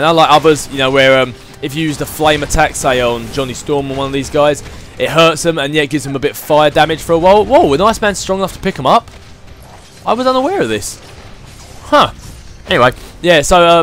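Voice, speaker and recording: Man, let's play commentary, chatty, excitable, thinking aloud, slightly high voice. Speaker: gaming channel host.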